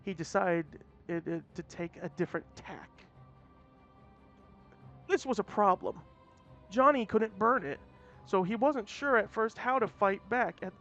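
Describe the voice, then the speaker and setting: A man with a high, slightly bright voice reads a story aloud casually, often restarting mid-phrase. The audio is dull and lo-fi, with faint music.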